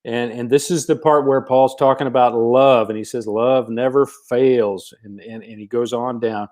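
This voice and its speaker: A man in a relaxed livestream from home, reading out viewers' names one after another in a folksy, easygoing way. His voice sits at an ordinary middle pitch, and he fills his pauses with plenty of ums and uhs. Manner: folksy, warm greetings by name, frequent fillers. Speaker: gospel singer hosting a livestream. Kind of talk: casual livestream chat greeting viewers.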